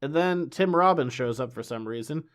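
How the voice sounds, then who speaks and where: A man's voice: medium pitch, moderate pace, smooth. A man co-hosting a podcast, chatting casually and jokingly while reviewing a movie, laughing often. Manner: jokey, animated, laughs often. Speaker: podcast co-host. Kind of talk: casual comic review chat.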